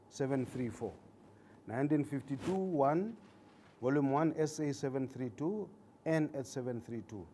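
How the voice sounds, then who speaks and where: Male judge as lecturer: deliberate, emphatic, repeats key points, warm slightly raised voice, occasional fillers. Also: a little high. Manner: speaks with hesitations and fillers. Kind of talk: legal training lecture.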